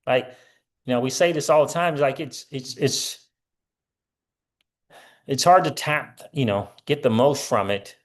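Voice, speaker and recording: A man's voice: mid-range voice, a little slow, pauses often. A middle-aged man hosting a casual crypto livestream, rambling with lots of fillers and answering viewer comments.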